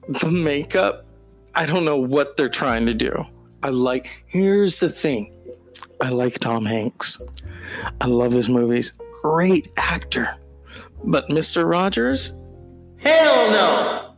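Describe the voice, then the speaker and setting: A man hosting a casual solo podcast, talking in an animated, digressive way with mock-dramatic outbursts. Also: mid-range voice. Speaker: podcast host.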